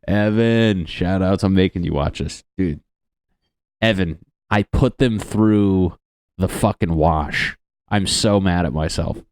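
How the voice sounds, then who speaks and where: A man's voice: deep voice, slow, pauses often, a little mellow, no room sound. A young man hosting a solo comedy podcast, rambling and swearing, laughing at his own jokes, close on the mic. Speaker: podcast host.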